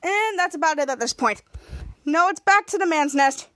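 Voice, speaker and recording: A woman hosting a podcast, casually recapping a TV episode in a halting way with frequent restarts. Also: high-pitched, animated, a bit bright, no echo. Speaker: podcast host.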